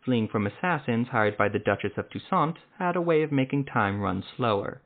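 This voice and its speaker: A man narrating a fantasy story in a steady, measured reading. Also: medium pitch. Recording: tinny phone-like sound.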